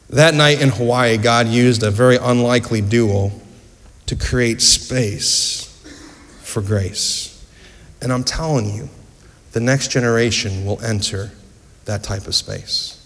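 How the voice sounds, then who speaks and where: A man's voice: medium pitch, fairly even intonation, takes it slowly, a bit bright. A man preaching a sermon in a church, earnest storytelling with rhetorical questions. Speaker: pastor. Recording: echoey church hall.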